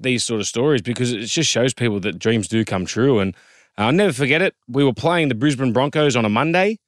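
An Australian man in his thirties, a former rugby league player telling an animated story in casual chat, quoting others in lively voices. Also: medium pitch, no echo, clean studio sound.

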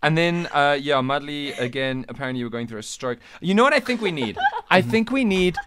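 A man hosting breakfast radio, energetic and giggly in playful banter. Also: fairly high pitch, a crowd in the background. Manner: energetic, giggly, quick to laugh.

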